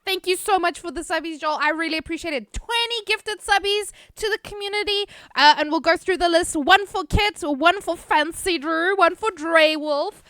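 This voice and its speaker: A woman's voice: very high voice, moderate pace, few pauses, fairly bright tone, no room sound, studio quality. A woman streamer chatting casually with her live chat, laughing often, swearing casually, and reading viewer names aloud.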